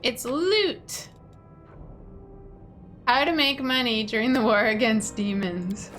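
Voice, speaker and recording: Chatty woman streamer, higher voice. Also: slow pace, a bit bright, faint music behind. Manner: chatty, reacting aloud to the game. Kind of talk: casual gameplay commentary.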